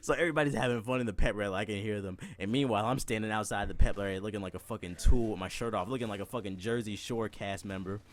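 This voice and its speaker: A man's voice: fairly low pitch, quick pace, hardly any pauses. A young man telling a comedic, profane story from his school days, laughing often and acting out other people's voices.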